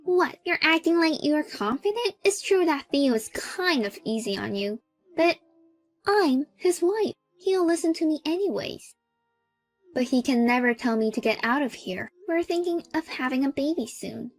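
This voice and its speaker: A woman's voice: expressive, moderate pace, faint music behind. A woman voicing a pushy, scheming young sister-in-law with a smug, demanding manner in a narrated story drama. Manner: smug and demanding, turning shrill.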